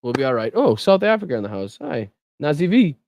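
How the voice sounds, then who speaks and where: A man's voice: on the high side, big pitch swings, fast, a little mellow, dry recording, muffled recording. A man hosting a live political stream, chatting casually, rambling and swearing as he thanks viewers. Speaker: livestream host. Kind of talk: casual live chat reading comments.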